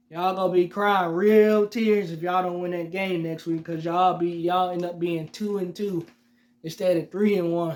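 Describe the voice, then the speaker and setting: A man hosting his own sports podcast, ranting heatedly and mockingly at rival fans and repeating himself for emphasis. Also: high voice. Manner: heated, repetitive, addresses fans directly; mocking and teasing. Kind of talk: solo sports rant.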